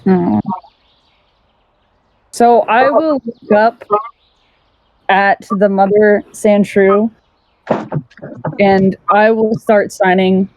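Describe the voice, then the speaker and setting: A woman playing her character in a tabletop game, speaking in an earnest, gentle way. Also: medium pitch, fairly even intonation, very slow, long pauses, no echo, rough recording. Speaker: player.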